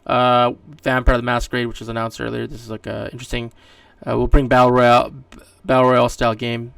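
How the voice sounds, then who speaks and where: Male podcast host, gravelly voice, loose rambling delivery, dry room, mic set back from him. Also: mid-range voice, completely flat delivery, fast, fairly bright tone, no room sound, distant mic. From Canada. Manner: rambling, many fillers and restarts. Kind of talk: casual solo gaming news commentary.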